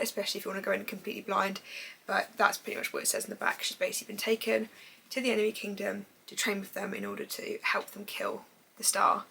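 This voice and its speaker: Chatty young woman with vocal fry. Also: medium pitch, a bit bright, slight background noise, low-quality recording. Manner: chatty and rambling, full of fillers like "basically"; gushing and enthusiastic. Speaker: book vlogger. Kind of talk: casual book review chat.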